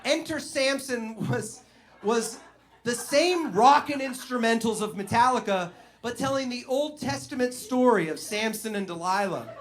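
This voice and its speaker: A man's voice: very high voice, unhurried, fairly bright tone. A man performing a stand-up comedy routine, telling stories animatedly and acting out other people's voices.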